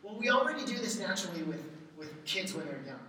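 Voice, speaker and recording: A man's voice: sits high, very animated, fast talker, pushed and bright. A man preaching a sermon as pastor, in a conversational way, sometimes putting on playful baby talk. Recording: echoey hall, far from mic.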